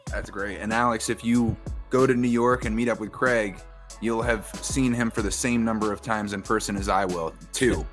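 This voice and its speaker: A man's voice: fairly low pitch, fairly even intonation, moderate pace, soft background music. A man co-hosting a podcast, jokey and easygoing in casual chat. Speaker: podcast co-host.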